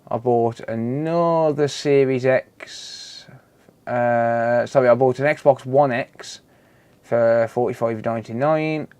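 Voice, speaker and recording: A man's voice: mid-range voice, darkish tone, clean tone. Chatty British man hosting a live stream. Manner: chatty, reads out and answers viewer comments, swears casually. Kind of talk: casual live-stream chat.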